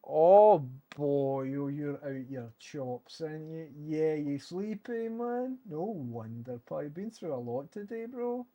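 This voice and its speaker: A man's voice: fairly high pitch, expressive, slow pace, few pauses, warm tone. A man chatting casually on a live stream, cooing doting baby talk to his dog.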